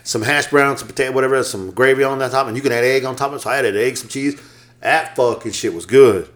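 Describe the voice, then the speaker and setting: A podcast co-host in his fifties chats casually, telling stories with a lively, profane, joking delivery and laughing often. His voice is medium-pitched and his pace quick.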